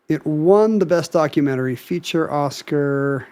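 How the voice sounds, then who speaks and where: A man's voice: a little high, expressive, normal speed. A man co-hosting a podcast, casually explaining facts and looking details up as he talks. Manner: explains facts, looks things up on the spot. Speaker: podcast co-host. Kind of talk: casual chat.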